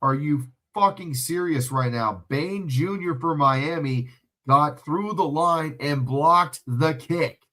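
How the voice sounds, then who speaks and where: A man's voice: fairly high pitch, takes it slowly, pushed and bright. A young man streaming a live watch-along, calling plays from home with emotional, profane outbursts and chatting with viewers. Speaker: livestream watch-along host. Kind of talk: excited live play-by-play commentary with chat. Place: home room.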